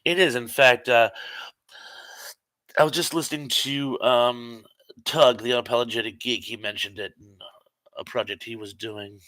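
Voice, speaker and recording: A man hosting a casual live stream, chatting and reading viewer comments aloud with quick asides. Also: medium pitch, steady tone, pushed and bright, no echo. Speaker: host reading live chat.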